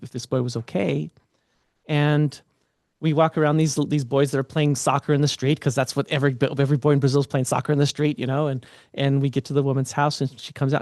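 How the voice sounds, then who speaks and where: A man telling a personal story as a guest in an interview, earnest and halting, often restarting his sentences. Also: medium pitch, a little mellow, no echo, clean studio sound. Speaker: guest, author and speaker.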